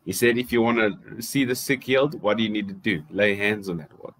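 A man's voice: fairly low pitch, a little fast, a bit bright. A man with a South African accent preaching a sermon, urging listeners with rhetorical questions and repeated phrases.

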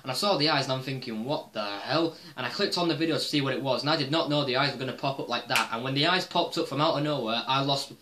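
A man's voice: mid-range voice, racing, few pauses, background noise. A man giving his opinions on wrestling in a casual vlog monologue, rambling and swearing with lots of "um" fillers. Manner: rambling and profane, with frequent "um" fillers. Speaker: wrestling commentary vlogger.

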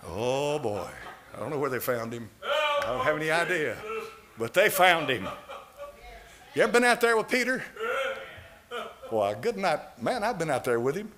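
An older man preaching a sermon in a church, swinging from loud, fervent lines to hushed ones. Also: fairly high pitch, wildly swooping pitch, moderate pace, pauses often, a crowd in the background. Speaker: pastor. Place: church sanctuary.

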